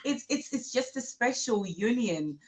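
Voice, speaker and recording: A woman co-hosting a casual chat, talking warmly and with emphasis. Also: a little high, lively intonation, a little slow. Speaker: co-host.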